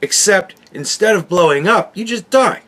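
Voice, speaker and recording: A man's voice: high-pitched, expressive, moderate pace, a bit bright. A man hosting a podcast, ranting in a casual and profane way, with exasperated outbursts and laughs. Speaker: podcast host reviewing a book.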